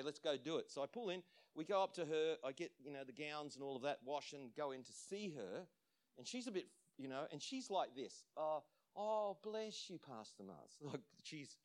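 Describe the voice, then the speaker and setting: A man, a pastor, preaching a sermon and telling a story with lively acted-out quotes and frequent laughter. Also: medium pitch. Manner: animated storytelling, acts out quotes, laughs often.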